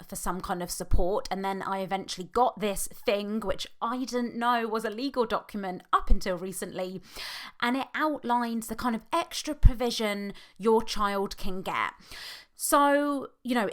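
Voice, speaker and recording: A British woman in her thirties hosting her own podcast, talking in a halting, emotional way and close to tears. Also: mid-range voice. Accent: British English. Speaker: podcast host; hypnotherapist. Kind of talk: personal podcast monologue.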